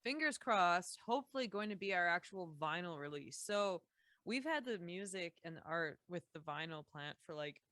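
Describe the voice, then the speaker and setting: A woman's voice: fairly low pitch, lively intonation, moderate pace, pushed and bright, dry recording. A young Canadian woman from Saskatchewan, a musician guest chatting casually on a podcast with lots of fillers and restarts.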